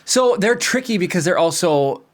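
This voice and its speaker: A man co-hosting a podcast in casual chat, animated and laughing often. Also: sits high, normal speed. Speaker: podcast co-host.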